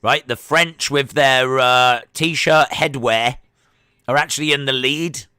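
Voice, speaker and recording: A streamer reacts to the races live, chatty and easily excited. His voice is bright and crisp, close to the mic in a dry room. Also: medium pitch, takes it slowly, no echo. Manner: chatty, excitable, with frequent fillers. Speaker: livestream host. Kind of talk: live sports watch-along commentary.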